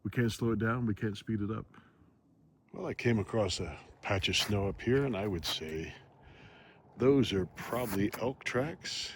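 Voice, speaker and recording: Man, low voice, slow musing wilderness vlogger, faint outdoor ambience. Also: slight background noise. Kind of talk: reflective outdoor vlog narration. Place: outdoors in the woods.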